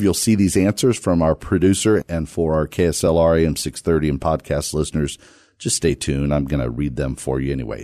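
A man hosting a radio Bible study podcast, talking casually with playful, self-deprecating jokes and sudden lively jumps. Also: a bass voice, no room sound, clean studio sound. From Virginia, US.

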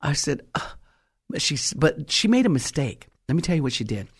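A middle-aged woman preacher telling a story in a sermon, stressing key words slowly. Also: low-pitched, sing-song, husky.

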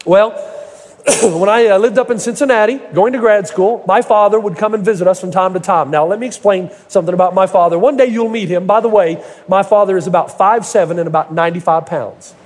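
A man's voice: high-pitched, brisk. A middle-aged male pastor preaching a sermon, telling folksy stories with humor and building to emphatic points. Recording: echoey hall reverb.

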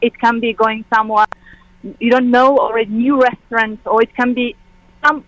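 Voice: mid-range voice, little pitch movement, normal speed, a bit bright, no echo, low-quality recording. A caller phoning in to a radio show, earnest and searching for words.

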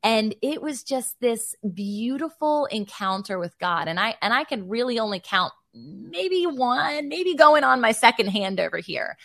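A woman in her thirties hosting a faith podcast, telling a personal story in an animated, emotional way. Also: fairly high pitch, a little slow, vocal fry, hardly any pauses, dry recording, studio quality. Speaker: podcast host. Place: Virginia Beach.

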